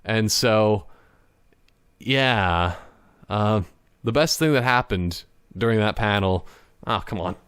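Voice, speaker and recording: A man's voice: on the low side, slow, pauses often, fairly bright tone, clear, resonant tone, dry recording, clean studio sound. A young man from Canada hosting a solo podcast in casual chat, rambling and laughing often, now and then slipping into playful impressions, talking at his computer. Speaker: podcast host. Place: indoors at a computer.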